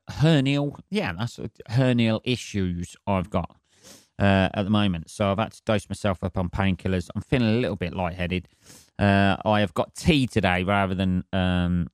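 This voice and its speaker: A man's voice: on the low side, clean tone, no room sound, studio quality. A middle-aged man, rambling sweary and meandering through a solo podcast while lightheaded and dozy on painkillers. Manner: sweary, meandering, self-interrupting. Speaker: podcast host.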